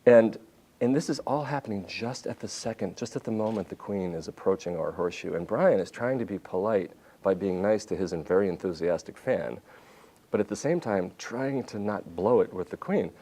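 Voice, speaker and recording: A man in his fifties with a very low, deep voice addresses a university audience as a visiting journalist. He tells his stories in an animated way, often breaking off and restarting his sentences as he goes. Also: moderate pace. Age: 50s. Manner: animated storytelling with restarts and self-corrections. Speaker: visiting journalist giving a talk. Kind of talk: lecture with anecdotes. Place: university lecture hall.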